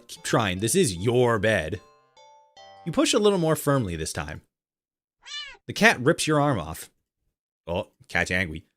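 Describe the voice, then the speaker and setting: Man streamer, lower voice that swings up and down, reads game text with crude jokes, faint music behind. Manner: reads game text aloud with profane joking asides. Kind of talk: live-streamed game playthrough.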